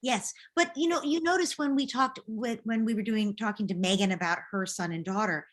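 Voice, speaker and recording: A woman who is a parenting coach, giving gentle, reassuring advice in a live group question session over a video call. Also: a little high, fairly quick.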